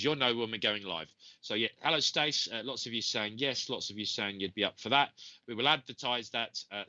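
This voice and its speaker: A psychic medium hosts a live stream, chatting with viewers, greeting them by name, and using lots of fillers. His medium-pitched voice is bright and forceful with no room sound, though the stream audio is dull and slightly lo-fi.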